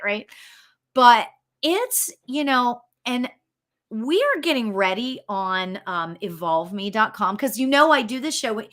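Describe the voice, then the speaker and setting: Woman host, medium on a live stream, chatty and encouraging, with a fairly high, lively voice. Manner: chatty and encouraging, reads viewer comments aloud; animated, leaps in pitch, laughs often. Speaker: spiritual medium hosting a live show. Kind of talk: casual live-stream talk.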